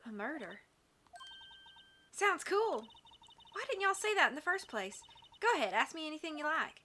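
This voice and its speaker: A brash, folksy Southern woman with a thick, slow drawl, as a woman puts her on for a video game. Her voice sits high and bright, and she talks feisty and loud. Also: sing-song, a little hiss or hum, exaggerated voice. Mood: friendly. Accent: put-on Southern US drawl. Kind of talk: video game voice-over reading.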